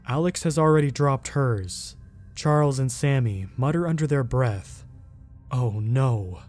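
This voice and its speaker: A man narrating a first-person horror story in a steady, measured way, reading the characters' lines without big voice changes. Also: medium pitch, faint music behind.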